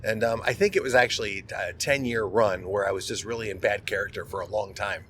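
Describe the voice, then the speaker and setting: A man's voice: on the low side, fairly quick, a bit bright, a little hiss or hum. Candid man telling his recovery story. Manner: candid, conversational, repeats words when restarting. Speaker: podcast host. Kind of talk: personal storytelling monologue.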